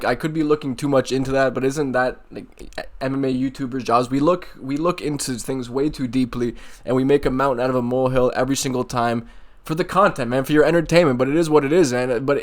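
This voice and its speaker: A man rants through a casual MMA commentary at a middling pitch. He is sarcastic and mocking, and he swears freely. He sounds like a YouTube host talking straight to his viewers.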